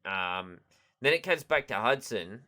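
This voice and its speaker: A man co-hosting a casual podcast, recapping an episode haltingly with fillers. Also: lowish voice, expressive, bright, forceful tone. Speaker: podcast co-host.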